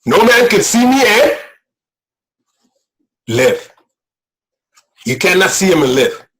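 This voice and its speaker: Brief: male guest preacher, high-pitched, fervent and emotional, sermon delivery. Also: very animated, slow pace, poor audio. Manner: impassioned, repetitive, rising to shouts. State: emotional, near tears.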